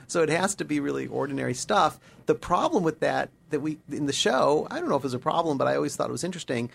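Gravelly, husky-voiced man co-hosting. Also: a little high, animated, fast. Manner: reflective, thinks aloud with restarts. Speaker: podcast co-host, former spy. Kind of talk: casual conversation.

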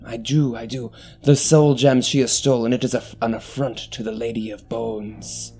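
A man voicing a skeletal male death spirit with a scythe, speaking slowly and menacingly. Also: medium pitch, flat delivery, mellow, faint music behind, natural voice. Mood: ominous. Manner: slow, measured, menacing.

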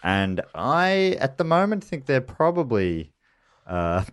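A man's voice: medium pitch, very animated, slow, no echo. A man hosting a casual podcast chat with dry, teasing humor. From Australia. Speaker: podcast host.

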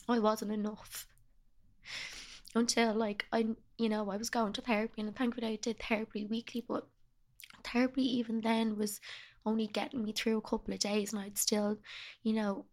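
A young woman speaking as an interview guest, talking in a soft, halting, confessional way about hard personal times. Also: fairly high pitch. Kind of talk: candid personal conversation.

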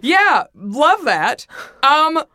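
A woman's voice: sits high, very animated, extremely slow, bright, forceful tone, no echo. A woman in her thirties with a Southern American accent, hosting a casual beauty podcast in a bubbly, playful, self-mocking way. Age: 30s. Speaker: podcast host.

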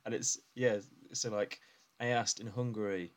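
A man's voice: fairly low pitch, fairly even intonation, moderate pace. A man from England chatting casually on a podcast, rambling and thinking aloud with lots of fillers. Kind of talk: casual chat.

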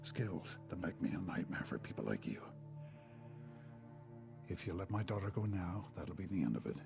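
A man voices a menacing father delivering a slow, cold threat in a very deep, gravelly voice. The clip is played back from a film with music behind it. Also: big pitch swings, exaggerated voice. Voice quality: low gravelly measured.

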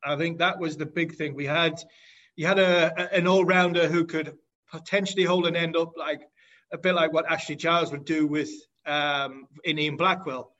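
A former cricketer hosting casual chat, asking easy, direct questions. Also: male voice, a little high, fairly even intonation, moderate pace, a bit bright, highs cut off. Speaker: former cricketer, podcast host.

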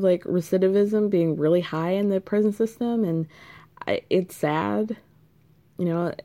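A woman's voice: medium pitch, warm tone. A woman giving casual, sarcastic commentary on a reality show, swearing freely and peppering her speech with "like.". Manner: chatty, sarcastic, swears freely, many "like" fillers.

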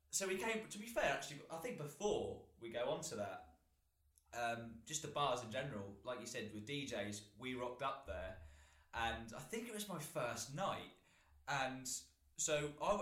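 A man's voice: mid-range voice, big pitch swings, normal speed, fairly bright tone. Roomy-sounding British young man telling stories. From Britain. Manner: rambling storyteller, laughs often. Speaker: podcast co-host. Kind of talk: casual chat, anecdote telling. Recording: roomy echo.

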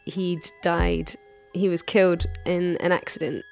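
A woman's voice: on the low side, little pitch movement, a little slow, vocal fry, a little mellow, soft background music. A woman in her thirties telling a personal anecdote in a candid, chatty way. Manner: candid, chatty retelling with frequent hedges. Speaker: storyteller.

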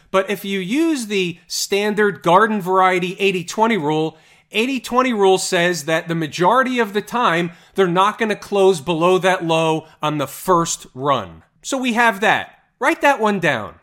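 A man hosting a market analysis show, walking through a chart in a brisk, folksy, confident way. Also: high-pitched, a bit bright.

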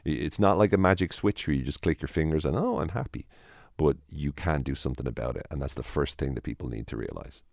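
Speaking quickly with few pauses, a man with an extremely low, gravelly, darkish voice explains his ideas as a guest in a conversational interview. He frequently restarts sentences and acts out the voices in people's heads, and the recording is dry and close.

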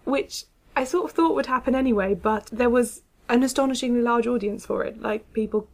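A woman's voice: fairly high pitch, brisk, creaky. A woman co-hosting a podcast, chatting casually with plenty of fillers and hedges. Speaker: podcast co-host. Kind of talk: casual chat.

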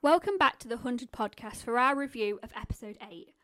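A woman co-hosting a podcast in casual chat, agreeable and quick to back up her partner. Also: a little high, expressive. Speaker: podcast co-host.

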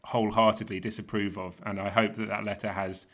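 A man hosting a sports podcast, with a bright, forceful tone and a slightly low voice. He chats easily, laughs often and keeps the conversation moving between topics. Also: flat delivery, brisk. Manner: chatty, laughs often, steers the talk. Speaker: podcast host. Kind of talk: casual sports chat.

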